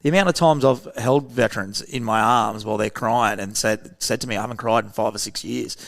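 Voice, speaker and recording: A man's voice: on the low side, brisk, creaky, fairly bright tone. An Australian man, a guest on a podcast, talking earnestly and acting out short exchanges of dialogue. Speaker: podcast guest, veteran program founder. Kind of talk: casual interview talk.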